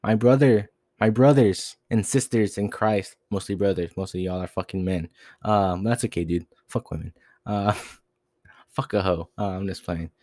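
A young man rants on his own podcast, swearing constantly and rambling from one grievance to the next. His voice sits fairly low and the sound is dry and close, with no room around it. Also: moderate pace, darkish tone, dry recording. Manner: profane, agitated, rambling with frequent "dude". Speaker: podcast host. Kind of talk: solo rant.

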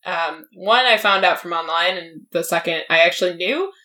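A young woman co-hosting a podcast, reacting with quick comments and frequent laughter. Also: on the low side, bright, forceful tone, poor audio. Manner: giggly, short reactive comments. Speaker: podcast co-host. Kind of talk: casual chat.

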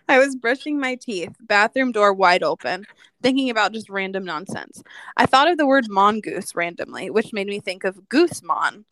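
A woman co-hosts a laid-back chat, teasing her friend and giggling as she reads stories aloud. Her voice sits at an ordinary middle pitch. The sound is dry and close, with no room around it. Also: a bit bright, no room sound, poor audio. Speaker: podcast co-host. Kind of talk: casual chat, reading listener stories.

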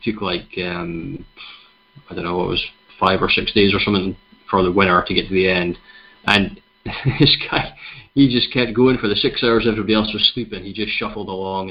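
Scottish guy hosting a running podcast, laid back and rambly, lower voice, kinda muffled lo-fi sound. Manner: relaxed, chatty, many fillers. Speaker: podcast host. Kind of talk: casual chat, storytelling. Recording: dull lo-fi recording.

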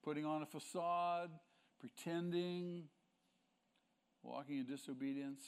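Pastor guy preaching hard, bit high voice, keeps asking the crowd stuff. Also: steady tone, unhurried, pauses often, smooth. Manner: emphatic preaching, rhetorical questions to the congregation. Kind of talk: sermon.

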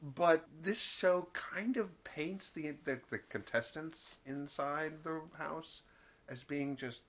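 Here a male podcast co-host talks through a TV episode in relaxed conversation, breaking into laughter and voicing the characters. He speaks slowly, a little high, with a bright, forceful tone.

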